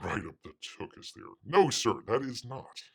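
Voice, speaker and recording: A man's voice: mid-range voice, big pitch swings, normal speed, gravelly, a bit bright, slightly rough. A man hosting his own livestream show, ranting in a sarcastic, mocking way with lots of filler words. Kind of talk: casual ranting commentary.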